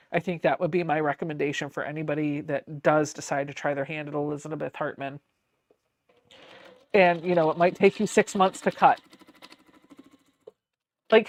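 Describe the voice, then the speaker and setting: A woman's voice: lowish voice, dry recording. A woman hosting a quilting livestream, chatting casually as she reads viewer comments aloud and answers them, laughing often. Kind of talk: casual livestream chat while sewing.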